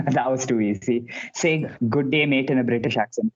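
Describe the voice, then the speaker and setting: A man hosting a casual podcast, relaxed, asking quick questions and laughing often. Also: mid-range voice, muffled recording. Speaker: podcast host.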